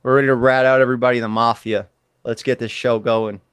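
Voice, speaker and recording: A man's voice: mid-range voice, level tone, fast, a bit bright, clear, resonant tone, dry recording. A man hosting a podcast in casual chat, joking and rambling with mock-tough banter. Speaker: podcast host.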